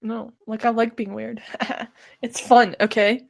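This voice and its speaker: A woman's voice: on the high side, little pitch movement, slow, vocal fry, no room sound, studio quality. Giggly, foul-mouthed woman podcast host. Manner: laughs often, swears freely, loose and jokey. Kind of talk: casual chat.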